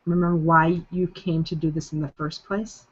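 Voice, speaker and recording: The host of a coaching program speaks sincerely and emphatically on a motivational group call, her slightly low voice keeping a level tone at a moderate pace. She repeats key phrases for impact, over a muffled, lo-fi conference line.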